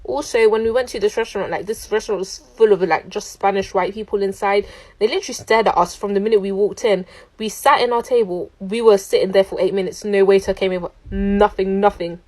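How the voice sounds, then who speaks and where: A young woman, telling a storytime to camera in an animated, indignant way. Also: mid-range voice, brisk. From London, UK. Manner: animated, indignant, quotes people in voices.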